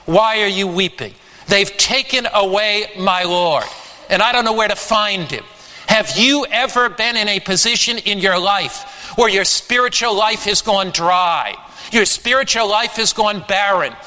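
A man preaching a sermon, slow and emphatic with dramatic pauses. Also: high-pitched, pushed and bright, in a large hall, rough recording. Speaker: pastor.

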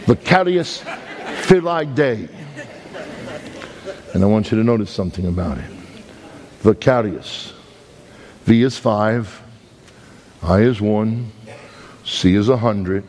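A man with a Brooklyn accent preaching a sermon, emphatic, swinging between high loud peaks and slow low words. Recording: long hall reverb.

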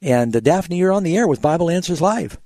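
A man's voice: fairly high pitch, animated, a little fast, warm tone, no echo. A man hosting a radio Bible call-in show, answering a caller's questions with explanations and illustrative stories.

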